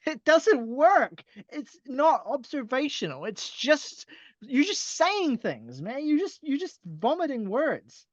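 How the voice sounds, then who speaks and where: A man's voice: extremely high pitch, sing-song, slow, no room sound. Sweary ranting man, dull dry mic. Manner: exasperated, sweary, laughs often, mocking quotes in a silly voice. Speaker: podcast co-host. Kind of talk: casual ranting album review.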